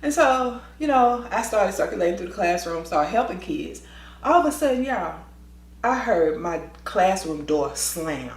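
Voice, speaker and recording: Woman, storytime vlogger, swooping lively delivery, roomy echo. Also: mid-range voice. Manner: lively, acts out voices, quick asides. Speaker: teacher telling a story. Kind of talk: storytime vlog, animated retelling.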